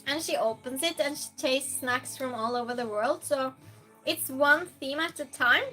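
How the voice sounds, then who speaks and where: A woman's voice: high voice, normal speed, pushed and bright, faint music behind. A woman hosting a live-stream game night, chatting casually, reading chat aloud and playfully scolding and thanking donors.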